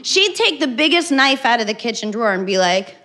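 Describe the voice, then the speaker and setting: A middle-aged woman doing a stand-up comedy set on stage, telling a story deadpan with sudden loud acted bursts. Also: a little high, brisk. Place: stage before a live audience.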